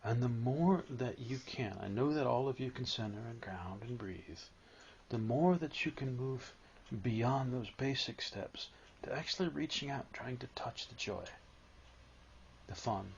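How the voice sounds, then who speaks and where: A man giving a live spiritual talk to an audience, animated and storytelling, at times acting out a whining child. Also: mid-range voice, dull audio, slight background noise.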